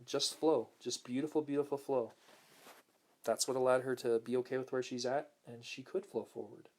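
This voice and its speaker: A man hosting a casual spiritual talk, speaking gently and smoothly, repeating words for emphasis and reading viewer comments aloud. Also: fairly even intonation, normal speed, a little hiss or hum. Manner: acts out quoted lines in a higher voice. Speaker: host.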